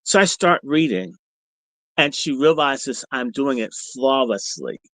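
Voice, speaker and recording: Speaking slowly at a medium pitch, a middle-aged podcast host narrates a livestream monologue with animation, swearing, provoking and picking fights. There's no echo, though the recording is rough.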